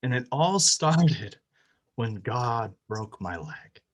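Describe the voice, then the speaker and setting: A man's voice: medium pitch, sing-song, slow pace, poor audio. Young man telling an emotional faith testimony. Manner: emotional storytelling, rising and louder at the climax, many restarts. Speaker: speaker sharing a personal faith testimony. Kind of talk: personal testimony talk.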